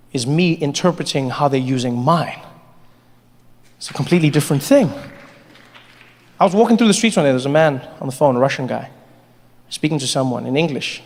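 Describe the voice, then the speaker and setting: A man doing animated, conversational stand-up comedy. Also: mid-range voice. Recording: echoey hall with audience.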